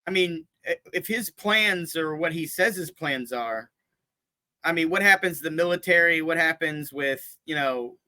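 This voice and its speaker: A man's voice: on the high side, moderate pace, bright, forceful tone, dry recording. A male comedian co-hosting a casual podcast, asking probing questions and laughing often. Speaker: comedian co-host.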